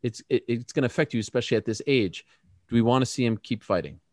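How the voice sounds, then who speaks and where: A man co-hosting a casual sports chat show, talking fast and getting insistent and excitable as he argues his picks. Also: medium pitch, no echo, clean studio sound. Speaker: co-host.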